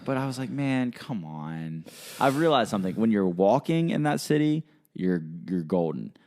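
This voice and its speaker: A young man hosting a podcast, telling a story in casual chat and acting out the people he quotes. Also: brisk. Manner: animated storyteller who acts out quotes in a higher voice. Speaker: podcast host.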